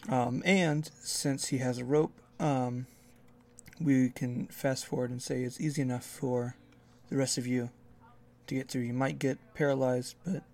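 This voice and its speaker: Gravelly-voiced man running a tabletop game. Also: mid-range voice, fairly even intonation, unhurried, a little mellow. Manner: rambling, many fillers and restarts. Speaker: game master.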